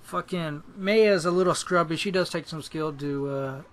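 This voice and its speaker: A young man with a fairly high voice rants to his viewers in a loose, profane way. He sounds fed up, stumbles over his words and starts over again and again. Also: moderate pace. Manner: frustrated, profane, repetitive restarts. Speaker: gaming YouTuber. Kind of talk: casual ranting commentary.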